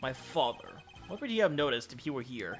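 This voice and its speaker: A man voicing a serious, composed male prosecutor who speaks in a measured, reserved, dry way. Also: mid-range voice, very animated, vocal fry, slight background noise. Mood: somber.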